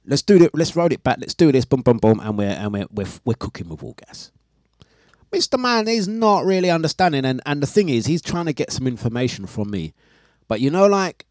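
Animated male radio host, dry close sound. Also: medium pitch, no room sound. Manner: animated storytelling, exasperated and laughing. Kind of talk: casual chat on live radio stream.

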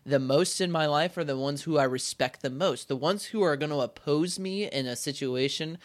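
A man's voice: on the high side, moderate pace. A man in his twenties talking through a casual chat, rambling with many restarts and acting out quoted voices.

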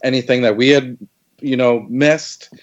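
A man talking as a podcast guest in a relaxed way, with lots of "like" and "you know.". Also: medium pitch, a little slow, lo-fi sound. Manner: relaxed, filler-heavy with lots of "like". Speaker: guest, docuseries co-creator. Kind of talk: casual podcast conversation.

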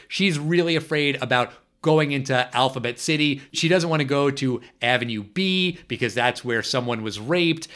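A man's voice: mid-range voice, sharp tone. A man hosting a casual podcast, blunt and opinionated. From Long Island, New York. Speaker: podcast host. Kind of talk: casual chat. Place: apartment in New York.

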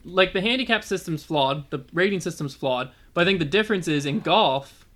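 Bright-voiced man pressing his point. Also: on the high side, animated, a little fast. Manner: insistent, circles back to his point. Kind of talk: casual sports chat.

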